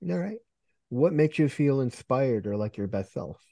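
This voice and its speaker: A man hosting a podcast, asking relaxed, brief questions in a casual interview. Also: medium pitch, moderate pace, creaky, no room sound. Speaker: podcast host.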